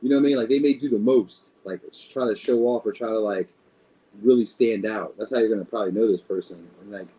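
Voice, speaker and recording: Man, casual tarot reading, warm low-toned voice, slightly husky, rambling, cusses a lot. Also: fast, rough recording. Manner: loose, rambling, swears freely. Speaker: tarot reader.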